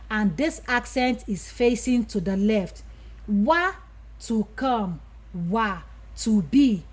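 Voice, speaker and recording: A woman's voice: a little high, a little mellow. A woman with a Yoruba accent, teaching a language lesson, who says each Yoruba word and then gives its English meaning. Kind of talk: slow vocabulary lesson.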